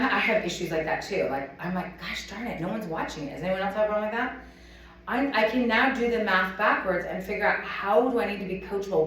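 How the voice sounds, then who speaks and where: A woman giving a chatty, animated sales training talk to a live audience, acting out little scenes as she goes. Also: medium pitch, slight background noise. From United States. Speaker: motivational speaker at a sales event. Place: conference room with a live audience. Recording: echoey room, from a distance.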